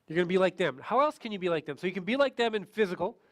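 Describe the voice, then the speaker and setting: Brief: male sales trainer with a fairly high voice. He quizzes the crowd and demonstrates voices in an animated way. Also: rapid-fire. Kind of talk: training seminar talk.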